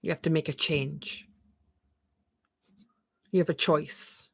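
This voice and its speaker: A woman gives a spiritual coaching talk on a live stream, talking to viewers and answering their comments. Her voice is bright and sits fairly low, with a dry, close sound. She repeats phrases gently and leans on rhetorical questions. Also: fairly even intonation, slow pace, husky, no echo. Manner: reads viewer comments aloud and answers them.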